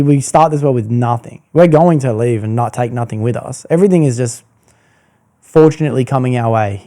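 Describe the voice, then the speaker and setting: A man's voice: mid-range voice, mellow. A man hosting a podcast, talking in a casual, earnest and reflective way. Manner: earnest, laid-back, reflective. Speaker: podcast host.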